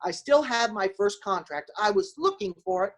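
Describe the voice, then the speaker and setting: Lively older woman telling stories. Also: medium pitch, normal speed. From small-town United States. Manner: animated storyteller who acts out quoted voices and laughs often. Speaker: former basketball player, interview guest. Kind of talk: casual storytelling interview.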